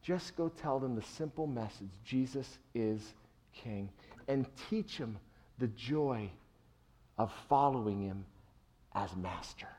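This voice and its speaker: Slow, emphatic preaching man. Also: medium pitch. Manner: emphatic preaching, swinging between soft and loud. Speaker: pastor. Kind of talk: sermon.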